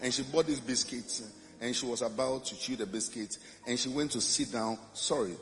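A young man, preaching a storytelling sermon, animated and rising into shouts and song in a church. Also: medium pitch, moderate pace, in a large hall. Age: young adult. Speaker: pastor.

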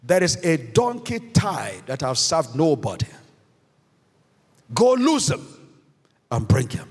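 A man's voice: medium pitch, big pitch swings, moderate pace, husky. A man preaching a sermon as a pastor, emphatic, repeating key phrases and asking the congregation questions. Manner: emphatic preaching with repetition and call-and-response questions. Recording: echoey hall, long reverb.

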